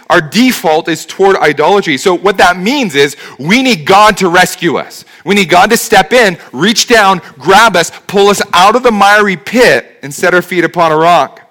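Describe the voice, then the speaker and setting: A man's voice: high-pitched, sharp tone. A man preaching a sermon as pastor, speaking conversationally and asking rhetorical questions.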